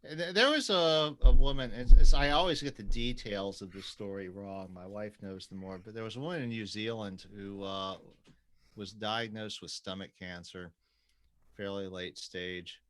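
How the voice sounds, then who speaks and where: A middle-aged man in casual chat who tells stories with energy, swears freely and jumps up in pitch when he quotes people. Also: normal speed, a little hiss or hum. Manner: animated storyteller, swears freely, jumps to high pitch when quoting others.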